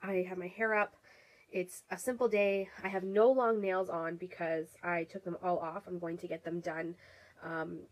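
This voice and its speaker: A woman's voice, slightly low and audibly congested from a cold, carries a relaxed beauty review. She rambles in a friendly way, restarting sentences and leaning on ums, like casual vlog talk to camera. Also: normal speed, poor audio. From Canada. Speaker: beauty vlogger.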